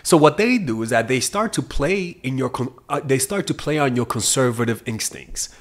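A man's voice: medium pitch, normal speed. A man coaching on dating, telling blunt stories and giving advice in a casual, profane way. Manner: blunt, profane storytelling with lively swings.

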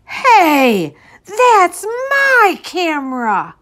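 A woman voicing an upset, indignant young schoolboy in a picture book read-aloud, loud and protesting. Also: extremely high pitch, big pitch swings, measured pace, voice pushed up, exaggerated voice.

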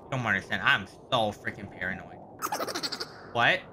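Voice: mid-range voice, normal speed, noisy background. A streamer giving nervous, rambling commentary while playing a horror game, often yelping and repeating themselves. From United States. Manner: jumpy, yelps and rambles nervously. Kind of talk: live horror gameplay commentary. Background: game music.

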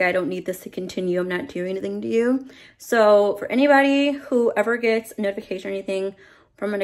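A woman in her twenties chatting casually to camera in her weekly vlog, candid and rambling, swearing now and then. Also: medium pitch. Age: 20s. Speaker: vlogger.

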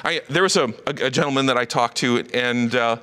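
A man preaching a sermon as pastor, animated and conversational, with frequent asides. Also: medium pitch, a little fast, clear, resonant tone, big-room sound. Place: church auditorium.

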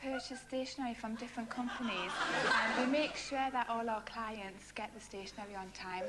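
A woman's voice: a little high, steady tone, a little fast. A woman, a modest and slightly hesitant game show contestant. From North East England. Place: TV studio. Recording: noisy 1990s TV broadcast.

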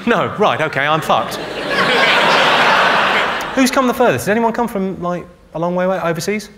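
A man doing a stand-up comedy set on a theatre stage, trading deadpan one-liners and banter with the audience. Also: sits high, moderate pace, a loud crowd. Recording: live show with loud audience noise.

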